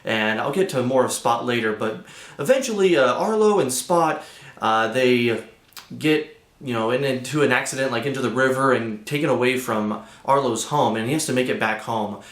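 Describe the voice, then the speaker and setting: A man's voice: medium pitch, moderate pace, fairly bright tone, roomy sound. A young man hosting a casual movie review, chatty and loose with lots of fillers.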